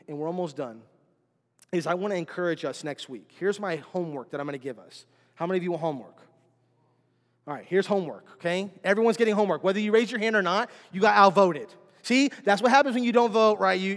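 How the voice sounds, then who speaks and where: A man's voice: sits high, a bit bright. A middle-aged male pastor preaching to his congregation in a church, conversational and often checking in with "right?" and "amen?". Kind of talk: sermon. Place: church sanctuary. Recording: long hall reverb.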